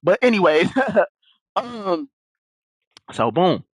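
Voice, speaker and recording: A man's voice: high voice, big pitch swings, extremely slow, no echo, clean studio sound. A young man streaming and casually telling a story to his chat, rambling with many restarts and asides.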